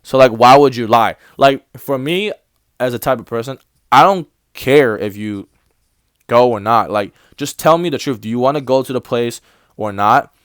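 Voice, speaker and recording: A young man in college recounts a personal story in a casual storytime vlog. His voice is smooth and clear at an ordinary pitch. He rambles, restarts his sentences and acts out quoted exchanges, recorded dry with no room sound. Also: moderate pace, a bit bright, no room sound. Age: young adult. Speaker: vlogger telling a story.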